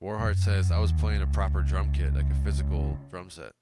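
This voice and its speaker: Rambling man over loud synth music. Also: sits low, brisk. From United States. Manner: musing, rambling, self-interrupting. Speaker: livestream host. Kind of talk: casual chat reading viewer comments. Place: home music studio.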